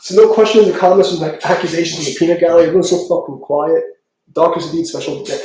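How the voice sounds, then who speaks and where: A man's voice: on the high side, quick pace, mellow. A man chatting casually and profanely on a live stream as a tarot reader, rambling and laughing often. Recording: very echoey room, mic far off.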